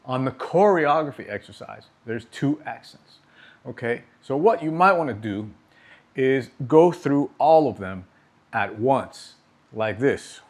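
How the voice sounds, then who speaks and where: A man's voice: mid-range voice, lively intonation, a little slow. Man teaching drum technique. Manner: patient, explanatory, frequent "okay?" check-ins. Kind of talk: instructional demonstration.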